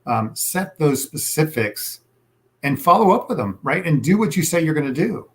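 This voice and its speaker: A man's voice: a little high, big pitch swings, normal speed. A man speaking as a sales coach in a conversational interview, emphatic and repeating his key advice.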